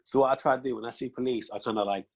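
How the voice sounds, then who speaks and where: A man's voice: mid-range voice, very fast. A young man hosting a casual chat, telling stories and acting out both sides of conversations. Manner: animated storytelling, acts out police exchanges. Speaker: podcast host.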